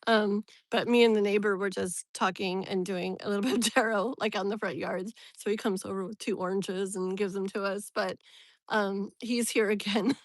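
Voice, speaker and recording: A woman's voice: mid-range voice, steady tone, normal speed, no echo. A woman reading tarot on a live stream, chatting casually with viewers, laughing often and greeting them by name. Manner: rambling, filler-heavy.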